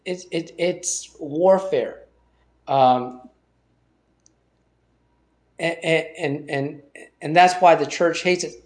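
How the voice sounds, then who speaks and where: A man teaching a Bible passage informally, thinking aloud with many fillers and restarts. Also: sits high.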